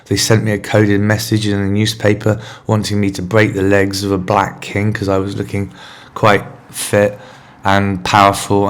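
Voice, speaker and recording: A man hosting a podcast, telling a candid, rambling personal story in a confessional monologue. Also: on the low side. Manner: rambling, candid, self-searching. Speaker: podcast host.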